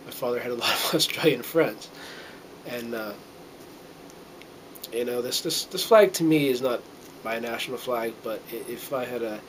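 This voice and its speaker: A man's voice: medium pitch, moderate pace, slight background noise, poor audio. A middle-aged man from the United States talking to a handheld camera in a casual, earnest monologue, rambling with many fillers and restarts and getting a little choked up. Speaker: vlogger.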